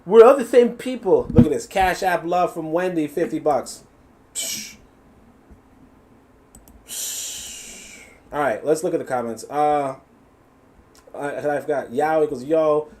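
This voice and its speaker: Hosting a live reaction stream, a man reads chat comments aloud and mocks them, swearing freely and laughing often in an animated way. His voice is on the high side, and he takes it slowly with frequent pauses.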